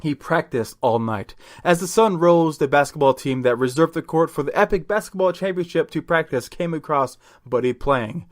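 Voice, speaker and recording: A man's voice: a little high, normal speed, hardly any pauses. A man hosting a podcast, narrating a comedy story casually, laughing often and swearing. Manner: laughs often, crude jokes.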